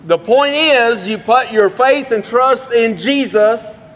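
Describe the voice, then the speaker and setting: A man's voice: very high voice, slow pace, fairly bright tone. A middle-aged man preaching a sermon in an earnest, conversational way with folksy asides. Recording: long hall reverb.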